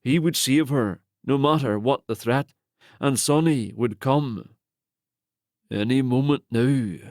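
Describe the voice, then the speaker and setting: A man narrating a romance novel in a steady, measured storytelling manner on a close studio mic. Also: mid-range voice, no echo. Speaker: audiobook narrator.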